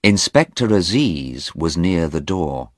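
A man reading an easy-English audiobook in a slow, deliberate scripted narration. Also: low-pitched, very animated, no echo, studio quality.

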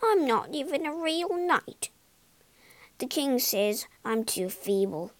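A woman's voice: high voice, big pitch swings, slow pace, no echo, exaggerated voice. Woman doing a feeble, whispery ghost knight. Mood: pleading. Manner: faint, whispery, pleading.

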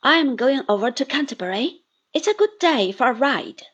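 A woman reading the part of a calm, composed young man who answers mildly and cheerfully. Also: high voice, normal speed, slightly rough, heavily acted. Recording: dull lo-fi recording.

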